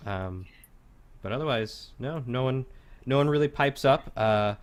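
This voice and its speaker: A man narrating as game master in a tabletop game, describing scenes in a halting, loose way. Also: medium pitch, clear, resonant tone.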